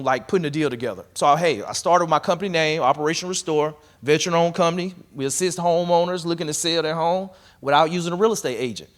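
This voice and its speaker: A man giving a live workshop talk on real estate investing to a room, energetic and conversational, coaching the audience directly. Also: a little high.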